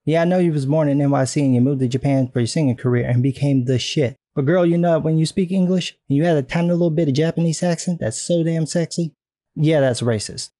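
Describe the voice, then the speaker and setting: A man's voice: a little high, fast talker, warm tone, close to an everyday voice. A man putting on a sassy gossiping voice. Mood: sassy teasing. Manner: sassy, mocking. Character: sassy gossiping mock voice, teasing and exaggerated.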